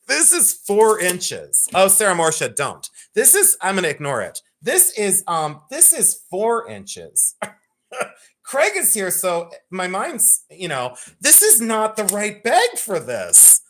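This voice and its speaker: Host for a live jewelry stream: a man, bright and animated, joking and teasing viewers, swears casually. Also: sits high. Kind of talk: live-stream sales chat.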